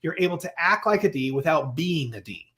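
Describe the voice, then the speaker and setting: A man's voice: a little high, animated, fairly quick, bright, forceful tone. A man coaching a couple on their personality profiles, analytical and playful, acting out the things they say to each other. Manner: analytical and playful, acts out quoted remarks. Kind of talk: explaining personality profiles on a live show.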